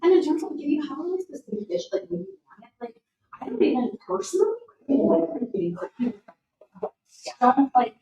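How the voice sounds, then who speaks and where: A woman's voice: high voice, animated, moderate pace, mellow, lo-fi sound. A woman in casual chat, chiming in with short agreeing remarks and questions. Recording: echoey room, far from the mic.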